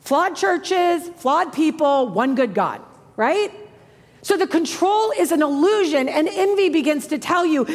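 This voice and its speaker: A woman in her thirties preaching a sermon with passion, moving between hushed, soft lines and emphatic ones. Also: high voice, big pitch swings, a little slow. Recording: long hall reverb.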